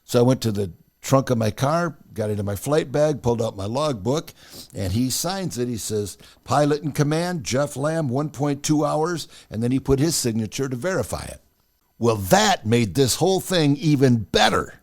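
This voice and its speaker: Here a man hosts a podcast and relates something that happened to him in a relaxed way, voice medium in pitch and at normal speed. He gets animated, acting out each line of dialogue.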